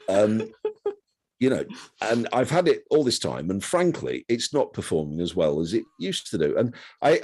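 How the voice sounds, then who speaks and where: A man's voice: low voice, a little mellow, husky. A man in his sixties, a guest telling chatty, self-deprecating stories in a casual interview. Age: 60s.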